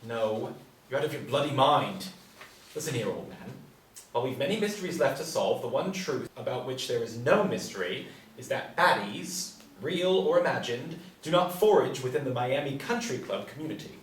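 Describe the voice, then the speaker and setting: A man's voice: medium pitch, animated, moderate pace, slight background noise, lightly acted. A man playing a wry posh Briton, roomy and distant. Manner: dry, teasing, formal phrasing. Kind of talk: script reading.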